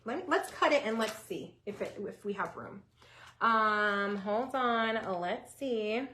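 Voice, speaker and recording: A woman hosting a live DIY craft stream, chatting with viewers, greeting them by name, and breaking into excited yelling. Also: mid-range voice, slow, a little hiss or hum.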